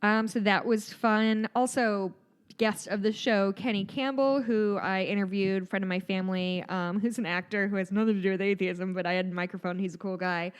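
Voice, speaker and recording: A woman's voice: mid-range voice, fairly even intonation, moderate pace, smooth. A woman in her thirties, co-hosting a podcast, talks through stories in a casual, rambling way with plenty of fillers and laughs. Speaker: podcast co-host. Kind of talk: casual chat.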